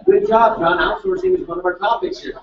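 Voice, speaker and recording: Energetic male seminar speaker in echoey hall. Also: high-pitched. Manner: energetic, quizzing the audience with quick questions. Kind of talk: live seminar talk. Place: large seminar room with live audience. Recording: echoey hall, distant mic, dull sound.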